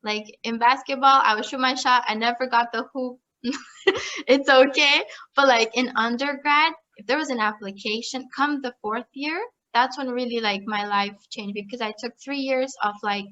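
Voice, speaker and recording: A young woman telling her story as a podcast guest, chatty and animated, with lots of "like" and frequent laughter. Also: fairly high pitch, moderate pace, lo-fi sound. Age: young adult. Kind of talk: casual storytelling interview.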